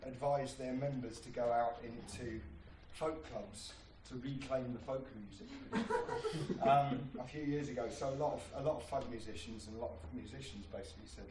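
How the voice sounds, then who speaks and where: A man's voice: mid-range voice, normal speed, a little mellow, echoey room, distant mic, a little hiss or hum, rough recording. A man from Britain, a folk singer, chatting loosely to a club audience between songs, rambling and self-deprecating with many ums. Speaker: folk singer performing live. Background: acoustic guitar.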